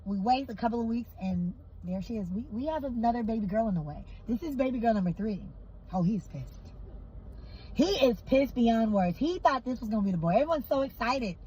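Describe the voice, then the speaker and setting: A woman's voice: fairly high pitch, a little fast, slight background noise, poor audio. A young adult woman casually telling a personal story, acting out the voices of the people in it. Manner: animated, acts out quoted voices.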